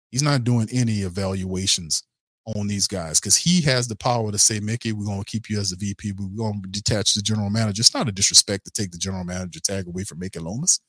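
A man's voice: mid-range voice, no room sound, studio quality. A man hosting a sports podcast, ranting in a blunt, heated and profane way to his live chat. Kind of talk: casual sports commentary rant.

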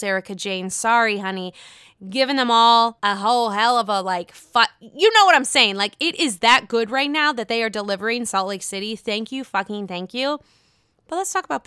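A woman's voice: medium pitch, bright, forceful tone, clean tone, no room sound, studio quality. A young woman hosting a podcast, recapping reality TV in a blunt, profane and sarcastic way. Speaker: podcast host.

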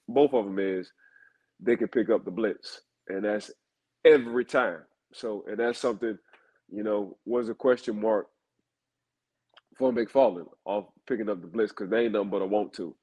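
A football analyst co-hosts a talk show, his medium-pitched voice warm over a low-quality recording. He tells stories in casual chat, repeating names for emphasis.

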